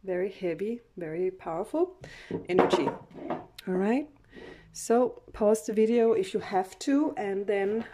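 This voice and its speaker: A woman's voice: medium pitch, lively intonation, measured pace, dark tone. A woman doing a casual tarot reading to camera, chatty, with many fillers and restarts and frequent laughs. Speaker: tarot card reader.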